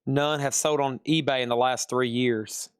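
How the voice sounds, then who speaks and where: A man's voice: mid-range voice, fairly even intonation, moderate pace, clean tone, no echo, studio quality. Southern man running a live record sale. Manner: chatty, repeats prices and buyer names. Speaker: live-stream seller. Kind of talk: live sales stream.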